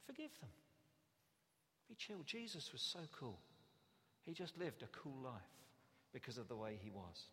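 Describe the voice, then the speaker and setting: A man preaching a sermon in a church, conversational and animated, often acting out the voices he quotes. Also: medium pitch, moderate pace, pauses often. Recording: long reverb of a church hall.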